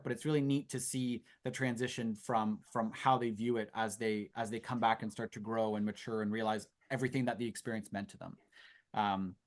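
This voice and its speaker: A man in his thirties presenting an online info session in a chatty, storytelling way with asides, heard over a video call. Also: medium pitch. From Canada. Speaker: youth exchange presenter.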